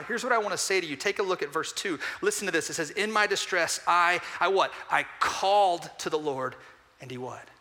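A man preaching a sermon, earnestly asking his congregation questions and moving between emphatic peaks and quiet pauses. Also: sits high. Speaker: pastor. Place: church sanctuary. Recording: long hall reverb.

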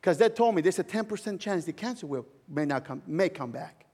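High-pitched pastor guy preaching, telling his own story from the heart, big echoey hall. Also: expressive, a little fast, slightly rough. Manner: heartfelt storytelling with soft laughs. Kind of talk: sermon with personal testimony.

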